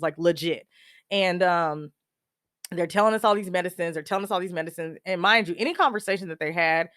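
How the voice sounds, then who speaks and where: A woman hosting a podcast alone, telling a personal story in a lively, slangy way and acting out the other people's lines herself. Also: lowish voice, dry recording, studio quality. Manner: animated, slangy, acts out quoted dialogue. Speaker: podcast host.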